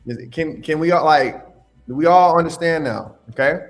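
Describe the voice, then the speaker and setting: A man's voice: fairly high pitch, moderate pace, faint music behind. A man hosting a live question-and-answer stream, giving blunt, emphatic advice and scolding his viewers. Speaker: host answering live questions on insurance adjusting.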